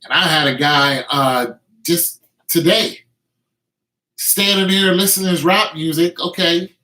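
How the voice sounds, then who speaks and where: Man, middle-aged, ranting vlog commentary, emphatic, slightly high voice, echoey room. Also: a little slow, pushed and bright. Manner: emphatic, repeats words when stressing a point. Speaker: vlogger. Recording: roomy echo.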